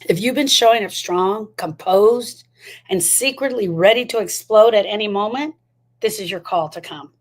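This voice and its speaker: A woman's voice: medium pitch, normal speed. A woman giving a motivational talk on grief, emphatic and full of repeated rhetorical questions. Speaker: grief educator.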